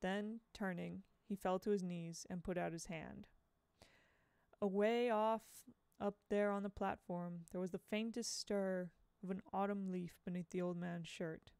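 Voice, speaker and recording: A woman reading a novel aloud as an audiobook, in a dramatic, expressive way. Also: mid-range voice, unhurried, vocal fry, clean tone, dry recording. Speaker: audiobook reader.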